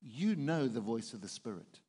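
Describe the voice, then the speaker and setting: A man's voice: mid-range voice, sing-song, normal speed, warm tone, breathy edge, in a large hall. A man preaching a conversational sermon as pastor, often putting questions to the congregation. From South Africa.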